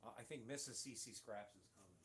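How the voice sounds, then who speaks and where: A man's voice: lowish voice, fast talker, a bit bright, a little hiss or hum. A middle-aged man from Syracuse, New York, rambling through a casual livestream chat with many restarts. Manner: rambling, chatty, frequent restarts. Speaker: livestream host.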